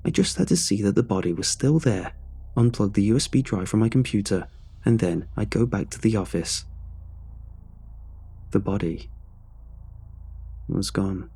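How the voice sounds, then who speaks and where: A man reading a horror story aloud as a narrator, in a tense, hushed storytelling manner. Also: on the low side, expressive, normal speed, gravelly, pauses often, slightly rough. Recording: soft music underneath.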